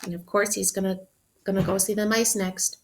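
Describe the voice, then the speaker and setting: Gravelly-voiced teacher reading aloud to children. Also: female voice, mid-range voice, brisk. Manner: expressive, asks children questions. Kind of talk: interactive read-aloud for children.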